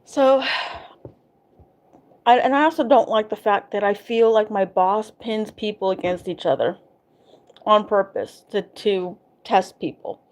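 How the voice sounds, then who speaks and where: A woman records a casual vlog and vents about her week in an exasperated, emphatic way. She circles back on her points and repeats them for weight. Her voice sits at an ordinary middle pitch for a woman. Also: measured pace. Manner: emphatic, exasperated ranting with repetitions. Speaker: vlogger.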